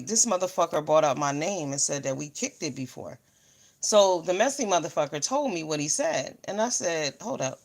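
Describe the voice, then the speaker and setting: Brash woman livestream host, cussing freely through long stories. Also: medium pitch. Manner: loud, profane, animated storytelling, greets viewers mid-story. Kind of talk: casual storytelling livestream.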